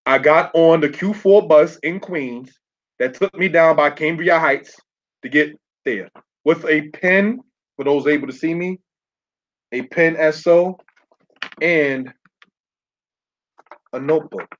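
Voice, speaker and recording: Man, congregation teacher, sermon with slides, fairly high voice, repeats points and checks in with listeners, dull lo-fi recording. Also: takes it slowly, pauses often. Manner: repeats key phrases, checks in with the audience. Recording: dull lo-fi sound.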